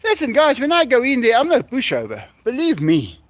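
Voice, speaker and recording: Animated South African man, lively high voice. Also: brisk, slight background noise. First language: Afrikaans. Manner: animated, chatty, addresses viewers as guys. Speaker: livestream host. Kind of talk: casual livestream chat.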